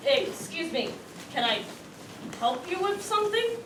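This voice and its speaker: A woman voicing a brisk, polite store clerk with a lower voice than her own. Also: big pitch swings, heavily acted. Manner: brisk customer-service politeness. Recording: roomy, from a distance, noisy.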